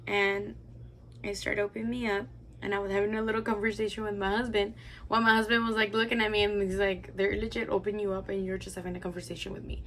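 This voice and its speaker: This young beauty vlogger talks fast in a medium-pitched, fairly bright voice with little pitch movement. Doing her makeup, she casually rambles through a personal story packed with "like," with slight background noise.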